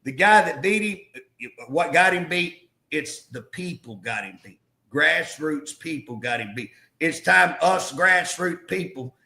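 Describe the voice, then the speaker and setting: A man's voice: fairly high pitch, animated, a little slow, vocal fry, pushed and bright, echoey room. A man speaking as a guest on a political talk show, rallying listeners in a fiery, folksy, preacher-like way. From southeast Oklahoma. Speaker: state representative guest.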